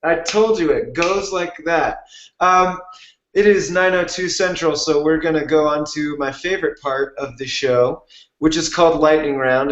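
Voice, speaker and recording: A man hosts a casual interview, rambling through his questions with plenty of fillers. His voice is mid-pitched and rings in a roomy space, and the sound is dull and lo-fi. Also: fairly bright tone. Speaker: podcast host. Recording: roomy lo-fi remote audio.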